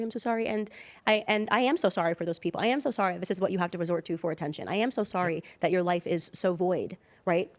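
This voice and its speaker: Fast-talking, low-voiced woman with an emphatic, preachy delivery. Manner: emphatic, preachy, laughs often. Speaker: podcast guest. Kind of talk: casual podcast conversation.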